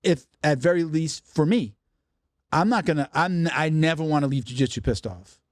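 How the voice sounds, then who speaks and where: A man's voice: a little high, moderate pace, dry recording, clean studio sound. A man in his fifties hosting a podcast, talking in a loose, chatty, joking way. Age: 50s. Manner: chatty joker. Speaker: podcast host. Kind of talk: casual chat.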